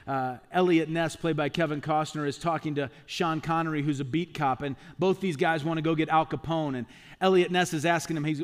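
A man's voice: on the high side, fairly even intonation, fairly quick. Emphatic man preaching a sermon. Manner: emphatic preaching with rhetorical questions and acted-out quotes. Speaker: pastor.

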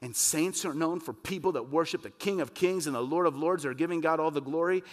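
A man preaching a sermon as pastor, impassioned and emphatic, rising to forceful peaks. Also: fairly high pitch, a little fast. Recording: long reverb of a church hall.

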